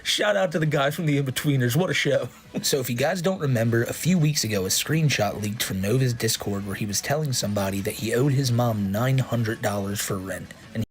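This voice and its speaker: A man's voice: medium pitch, fairly quick, a little hiss or hum. A man streaming casual commentary, mocking his subject and laughing often.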